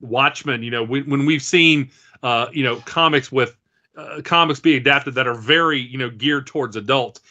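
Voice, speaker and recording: Chatty man, bright voice, lo-fi. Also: mid-range voice, moderate pace. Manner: chatty, agreeable, frequent fillers. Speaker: podcast co-host. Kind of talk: casual chat. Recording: dull lo-fi audio.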